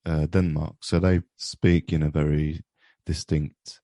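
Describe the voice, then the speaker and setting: A man from Sweden chatting casually as a podcast guest, hesitant and full of ums. His voice is very deep and gravelly. He talks slowly, in a dry, close sound. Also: level tone, warm tone, no echo. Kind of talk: casual chat.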